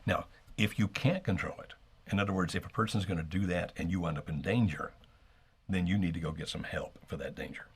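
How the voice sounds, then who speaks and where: A man co-hosting a live call-in marriage advice show, calmly explaining what to do and acting out sample lines. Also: sits low, fairly quick, slightly rough. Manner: calm, explanatory, acts out sample dialogue. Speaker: marriage coach co-host.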